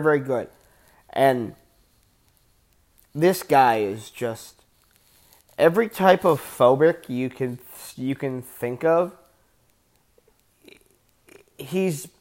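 Guy rambling about a show he loves, slow and unhurried, keeps restarting his sentences. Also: a little high. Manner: rambling and enthusiastic, with frequent restarts and swearing. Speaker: TV show reviewer. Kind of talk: casual spoken review.

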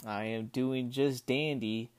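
A man's voice: mid-range voice, steady tone, takes it slowly, clear, resonant tone. Man rambling through a spooky story. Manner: rambling, full of "like" and restarts; spooked, breathless retelling. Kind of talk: casual spoken story monologue.

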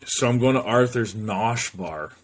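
A man hosting a solo podcast in a loose, rambling way, drifting from one thought to the next. He swears freely and keeps an easygoing, mid-pitched casual tone. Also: lively intonation, measured pace. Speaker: podcast host.

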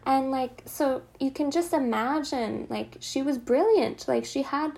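A young woman hosting a casual conversation, expressive and gushing, with frequent "like" and "oh my God". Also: high-pitched, unhurried, creaky. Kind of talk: casual chat.

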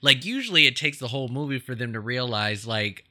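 Man, podcast host, very bright tense voice, chatty, loose filler-heavy talk, laughs easily. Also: mid-range voice, fairly quick. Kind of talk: casual film discussion.

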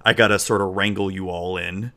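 Low-voiced man co-hosting a podcast. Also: brisk. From Florida, US. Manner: relaxed, joking, rambling. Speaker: podcast co-host. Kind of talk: casual chat.

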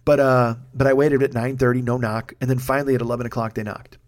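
The middle-aged podcast host talks fast in a mid-range voice with a flat delivery. Sitting at his own studio microphone, he spins a meandering, foul-mouthed story at his own expense.

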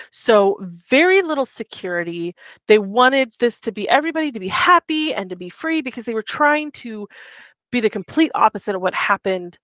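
A woman co-host with a medium-pitched voice recaps a show casually, animatedly acting out the characters' quotes and swearing now and then. Her mic sounds dull and muffled, with no room sound.

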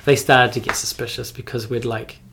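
A young man with a New Zealand accent spins loose, rambling anecdotes in casual conversation. His voice sits mid-range with a gravelly, creaky texture. He fills gaps with "like" and "um" as he goes. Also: mid-range voice, level tone, brisk, fairly bright tone, a little hiss or hum. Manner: rambling storytelling with frequent "like" and laughs. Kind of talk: casual chat.

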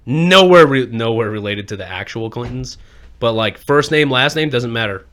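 A man co-hosting a podcast, joking loudly and swearing in casual crude banter with a friend. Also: medium pitch, lively intonation, moderate pace. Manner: loud, profane, joking, laughs often. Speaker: podcast co-host.

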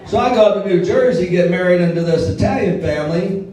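A man's voice: sits high, fast talker, mellow. A middle-aged man from southern Alabama with a Southern accent, a guest speaker telling jokey stories to a live audience. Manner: storytelling, joking with the audience. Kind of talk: motivational speech. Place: large hall before a live audience. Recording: echoey hall, mic heard from a distance.

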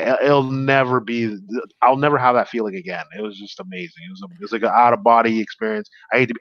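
A man's voice: medium pitch, fairly bright tone, no echo, lo-fi sound. A man, a stand-up comedian guest, telling stories in a casual interview, rambling with fillers and restarts.

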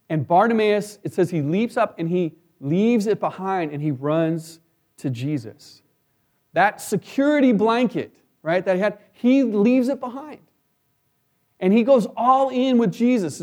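A man's voice: sits high, a little mellow. A man preaching a sermon in a conversational way, often checking in with listeners by asking "right?". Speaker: pastor.

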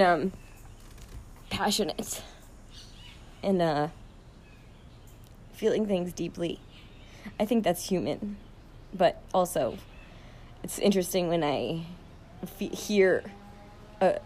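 A woman's voice: fairly low pitch, a little mellow, a little hiss or hum. A middle-aged woman hosting her own podcast, talking in an emotional, rambling way with many restarts and fillers. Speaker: podcast host. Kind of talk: casual personal podcast monologue.

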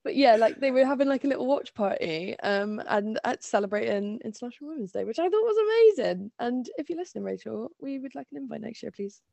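A woman's voice: fairly high pitch, expressive, quick pace, creaky, hardly any pauses, mellow, dry recording. A young woman co-hosting a podcast in casual, chatty talk, full of fillers and laughter. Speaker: podcast co-host. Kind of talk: casual chat.

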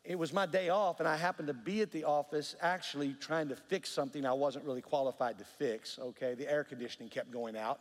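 A man preaching a sermon, telling a story with earnest, animated delivery and repeated words. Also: medium pitch, in a large hall. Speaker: pastor.

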